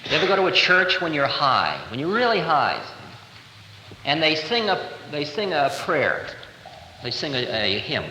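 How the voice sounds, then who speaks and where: Speaking at a normal pace in a slightly high, sing-song voice that sounds pushed and bright, this thirtysomething spiritual teacher lectures playfully and conversationally. The live 1970 recording from a large hall carries a touch of hiss or hum.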